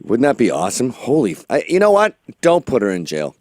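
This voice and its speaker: A man's voice: mid-range voice, huge pitch swings, fairly quick, a little mellow, dry recording, studio quality. A man hosting a talk show, brash and profane in crude comedic chat. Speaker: podcast host.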